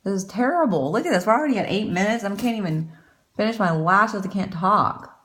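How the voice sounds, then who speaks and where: A woman's voice: mid-range voice, lively intonation, a little fast, a bit bright. A woman chatting casually through a makeup tutorial, rambling and poking fun at herself. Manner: chatty, rambling, self-deprecating. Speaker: beauty vlogger.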